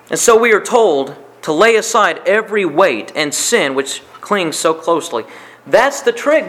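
A man's voice: sits high, fairly bright tone. A man preaching a sermon, repeating key lines for emphasis. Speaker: pastor.

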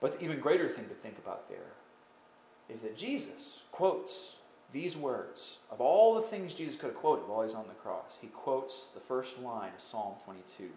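A man teaching an evening Bible study, earnest, climbing to impassioned pleading and dropping to soft reflection. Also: mid-range voice, very animated, normal speed, a little hiss or hum.

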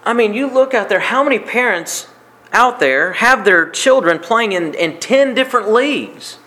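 A man's voice: high voice, animated, moderate pace, pushed and bright. A man preaching a sermon, repeating key lines for emphasis. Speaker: pastor.

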